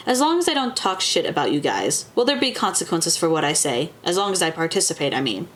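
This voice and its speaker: A woman's voice: on the low side, sing-song, fast, a bit bright, a little hiss or hum. A woman voicing a stubborn, defiant man who swears bluntly.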